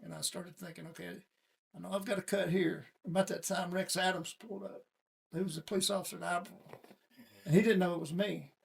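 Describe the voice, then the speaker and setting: A middle-aged man speaks as an interview guest, recounting events in a casual, folksy manner. His voice sits high for a man and is heavily gravelly. It also carries a husky edge. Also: steady tone, fast talker. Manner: folksy, plain-spoken storyteller.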